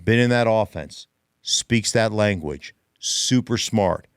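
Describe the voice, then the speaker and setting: A man's voice: fairly low pitch, measured pace, clear, resonant tone, no echo, studio quality. A middle-aged man hosting a casual sports podcast, telling stories with emphatic repetition. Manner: animated storyteller, emphatic repetition. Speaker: podcast host, former player and analyst.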